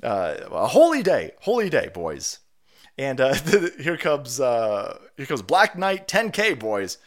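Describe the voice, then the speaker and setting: A man's voice: medium pitch, huge pitch swings, takes it slowly. A man hosting a livestream, delivering a profane, sarcastic political rant. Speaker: livestream host. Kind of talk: ranting political commentary.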